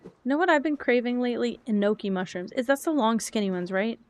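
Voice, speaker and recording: A woman's voice: fairly high pitch, expressive, fast talker, a little mellow. A woman streamer chatting casually while playing a game, rambling from thought to thought and answering her chat.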